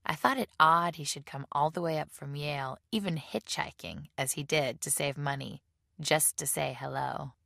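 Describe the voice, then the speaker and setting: A woman narrating a novel in a measured audiobook reading. Her voice is low and gravelly. The recording is dry, with no room sound. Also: bright, forceful tone, dry recording. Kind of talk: scripted narration.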